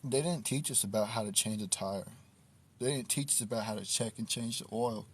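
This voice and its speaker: A man's voice: on the low side, a little fast, breathy edge. A man hosting a casual livestream outdoors at night in the cold, talking on a phone in a laid-back, reflective way. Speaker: livestream host.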